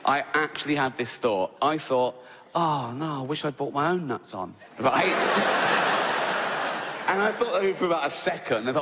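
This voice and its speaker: A man's voice: mid-range voice, moderate pace, heavy background noise. A middle-aged English man doing a stand-up comedy routine, telling a story with sarcastic, mock-outraged asides and exaggerated quoted voices. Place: large theatre with live audience. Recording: live hall recording with audience laughter.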